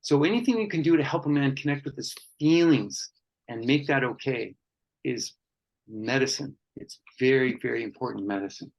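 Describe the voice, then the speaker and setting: A man speaking at a workshop on men and conflict, earnest and reflective, with pauses and fillers. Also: mid-range voice, animated, vocal fry, rough recording.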